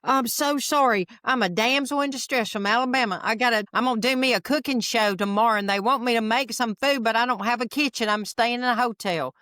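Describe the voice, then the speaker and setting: A woman doing a Southern belle in distress, exaggerated Southern US accent, sugary and pleading, higher voice, dry sound. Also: fairly quick, few pauses, fairly bright tone, dry recording, lightly acted. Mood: sweetly pleading. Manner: sweet, pleading, overly polite.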